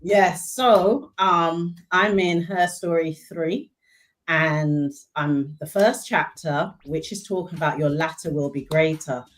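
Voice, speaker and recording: Woman, 50s, low voice, heartfelt testimony; faint music underneath. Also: slow. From Barbados. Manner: earnest, emotional, faith-filled. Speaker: event speaker, clinical services director.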